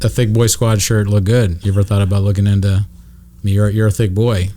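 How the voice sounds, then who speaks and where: A man's voice: lowish voice, little pitch movement, fast talker, warm tone. A man co-hosting a comedy podcast, chatting casually and joking, laughing often and sounding a bit worn out after a trip. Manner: joking, laughs often, slips into mocking put-on voices. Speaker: podcast co-host.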